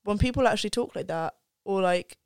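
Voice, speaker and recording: Young woman, smooth dry voice. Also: medium pitch, fairly quick, darkish tone, no room sound. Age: young adult. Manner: candid, swears freely, reflective. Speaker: podcast guest, undergraduate. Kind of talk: casual chat.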